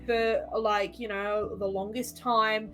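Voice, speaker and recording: A woman's voice: medium pitch, little pitch movement, takes it slowly, fairly bright tone, faint music behind. A woman speaking in character in a tabletop role-playing game, earnest and lecturing, often repeating herself. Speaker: player.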